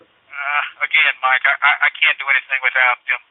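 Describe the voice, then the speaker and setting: A man's voice: medium pitch, flat delivery, a little fast, no echo. Stammering man on a tinny phone line. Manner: hesitant, repeats himself, stammers. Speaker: customer service representative. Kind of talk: phone call.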